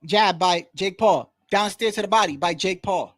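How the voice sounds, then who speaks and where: A man's voice: high voice, moderate pace, a bit bright, dry recording. A man streaming live play-by-play of a boxing match, casual and blunt, saying "bro" all the time. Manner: slangy, says "bro" constantly, blunt and opinionated. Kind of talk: casual live fight commentary.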